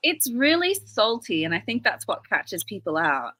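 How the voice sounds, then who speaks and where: Bright, crisp-voiced woman chatting on a stream. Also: mid-range voice, big pitch swings, normal speed, no echo, rough recording. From Australia. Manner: chatty, rambling anecdotes with a laugh. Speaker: live stream host. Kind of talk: casual chat.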